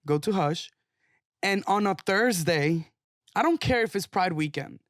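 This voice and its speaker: A young man, co-hosting a casual podcast chat and telling stories with lively emphasis. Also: sits high, measured pace, dry recording, studio quality. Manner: animated, emphatic storytelling. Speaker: podcast co-host.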